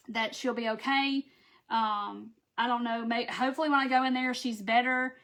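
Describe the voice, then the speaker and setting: A high-pitched woman chats casually through a live craft stream. She is warm toward her viewers and reads their names aloud as she goes. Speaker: craft seller hosting a live video.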